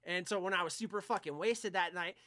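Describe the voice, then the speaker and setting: Swearing freely, a young man co-hosting a podcast spins a meandering, lively anecdote in relaxed conversation. His voice sits high and moves a little fast, with no audible room sound.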